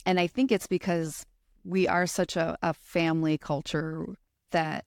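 A woman's voice: low-pitched, level tone, unhurried, gravelly, dry recording, studio quality. A woman who works with school students, talking earnestly in an interview with frequent fillers. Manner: earnest and thoughtful, with many fillers. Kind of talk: casual interview chat.

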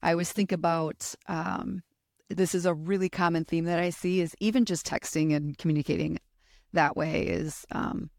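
A woman who works with school students speaks earnestly and thoughtfully in a casual interview, using lots of fillers. Her voice sits on the low side with a darkish tone, vocal fry, fairly even intonation and normal speed. The recording is clean studio sound with no echo.

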